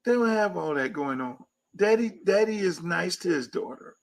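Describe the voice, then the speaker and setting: A man's voice: high voice, animated, moderate pace, gravelly. A man hosting a podcast, giving a blunt, profane casual monologue. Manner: blunt, brash, profane rants. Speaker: podcast host. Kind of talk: casual talk show monologue.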